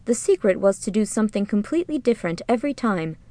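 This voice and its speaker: A woman narrating an audiobook in a measured, even storytelling manner, recorded close to the mic. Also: mid-range voice, no echo. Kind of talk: scripted narration.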